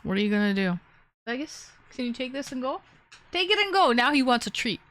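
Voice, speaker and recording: A woman streamer chatting casually with her live chat, who switches to a high cooing baby voice when she talks to her dogs. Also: fairly quick, fairly bright tone, no echo.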